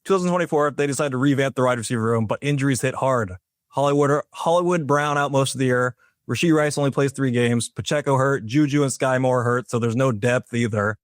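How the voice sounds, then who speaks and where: A man's voice: medium pitch, a little fast, no room sound. Dry-humored man arguing a sports take. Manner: dry, jokey, then argumentative and methodical. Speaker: podcast co-host. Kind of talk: sports opinion monologue.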